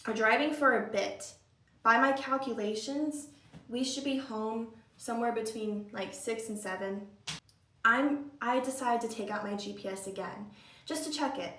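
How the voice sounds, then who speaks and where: A woman's voice: fairly high pitch, normal speed, distant mic. Chatty young woman, echoey room. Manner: animated, chatty, lots of "like" fillers. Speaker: vlogger. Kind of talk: storytime chat while getting ready. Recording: roomy echo, a bit off-mic.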